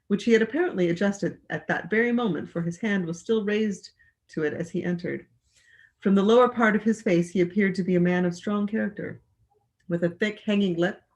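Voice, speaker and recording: A reader of a classic detective story, going through it aloud with frequent slips and restarts. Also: medium pitch. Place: library livestream.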